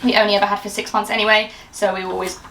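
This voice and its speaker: A woman's voice: medium pitch, flat delivery, racing, a bit bright, a little hiss or hum, poor audio. A young woman in her twenties chatting in a rambling, self-interrupting way while baking in her home kitchen. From England. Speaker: lifestyle YouTuber. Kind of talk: casual baking vlog chat. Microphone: camera on the side.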